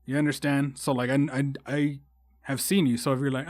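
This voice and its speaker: Fairly quick and level in tone, this young Texan's mid-range voice comes through with no echo. Hosting a podcast alone, he rambles in a casual rant full of swearing that regularly turns heated.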